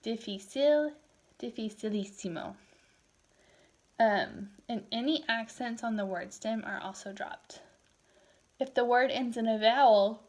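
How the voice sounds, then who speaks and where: Tired woman teaching in a relaxed, chatty way. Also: a little high. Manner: relaxed, chatty, mixes English and Spanish. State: tired, yawning. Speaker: Spanish teacher. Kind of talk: recorded lecture.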